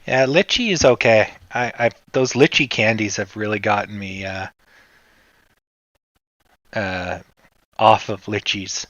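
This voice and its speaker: A man from Canada hosting a casual livestream, rambling in a relaxed way and answering his chat. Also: lowish voice, unhurried, pauses often, dry recording, highs cut off. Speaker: livestream host.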